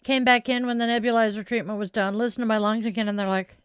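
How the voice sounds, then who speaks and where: A woman's voice: medium pitch, fairly even intonation, fast talker, few pauses, smooth, no room sound, clean studio sound. A woman chatting casually with viewers on a stream, rambling and self-deprecating with frequent sighs. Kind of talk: casual live-stream chat.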